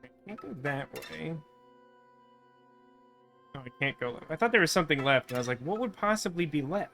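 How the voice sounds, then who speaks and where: A man's voice: medium pitch, expressive, fairly quick, gravelly, pushed and bright, soft background music. A man streaming a card game, chatting in a wry way as he thinks aloud about his moves. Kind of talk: let's-play commentary.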